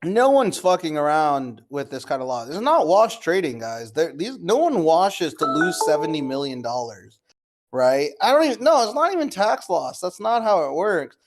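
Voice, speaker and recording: Very animated and fairly high-pitched, a young crypto streamer talks at a normal pace while clicking through wallets on a live screen-share. He sounds incredulous, swears, and keeps addressing viewers as "guys."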